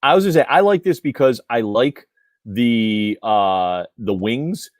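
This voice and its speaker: A man co-hosting a toy news livestream, excitedly praising figures and often breaking off mid-word. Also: medium pitch, dry recording. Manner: excited, halting, trails off and restarts words. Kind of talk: casual chat.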